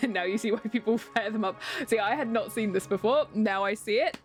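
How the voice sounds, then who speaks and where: A woman's voice: medium pitch, brisk, slightly rough, soft background music. A British woman streaming a game, reading dialogue aloud and giggling between lines. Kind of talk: casual game stream commentary.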